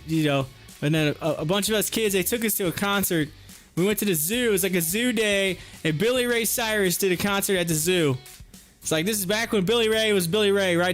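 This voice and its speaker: A man's voice: sits high, fairly bright tone. A man, hosting a livestream and casually telling a rambling story full of restarts and repeated words. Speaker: stock trading livestream host.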